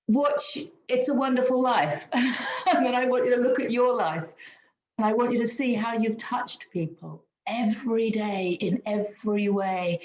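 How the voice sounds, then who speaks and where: A woman's voice: a little high, a little mellow. Upbeat woman doing a weekly tarot reading, laughs a lot, kinda echoey room, bit muffled. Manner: earnest and upbeat, laughs often. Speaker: tarot reader. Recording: roomy, slightly dull sound.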